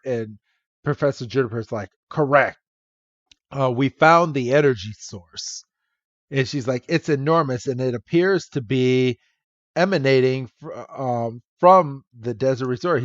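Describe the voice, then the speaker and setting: A man co-hosting a podcast, recapping a cartoon episode in a wry, animated way with small self-interruptions. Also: mid-range voice, no echo. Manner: animated and wry, laughing at his own rants. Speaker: podcast co-host. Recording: dull dry podcast mic.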